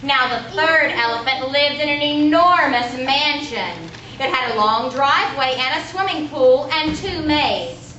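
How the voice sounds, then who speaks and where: A woman, a teacher, telling a children's story with expressive, dramatic narration during a school performance. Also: high voice, measured pace, hardly any pauses, a little hiss or hum. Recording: echoey room, recorded from far off.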